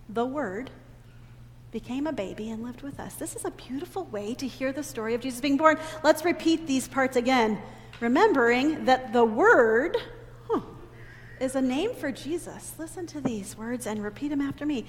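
Animated high-voiced woman leading children. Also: normal speed. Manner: animated, teacherly, call-and-repeat. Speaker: children's message leader. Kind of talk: children's sermon. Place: church sanctuary. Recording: long reverb in a big church hall, faint ambient noise.

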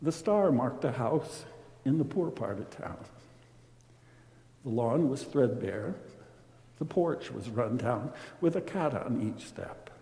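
Male storyteller reading verse with drama and a mellow, unhurried delivery. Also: mid-range voice. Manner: expressive, dramatic swings in loudness. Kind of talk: rhyming storybook narration. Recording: roomy with long reverb.

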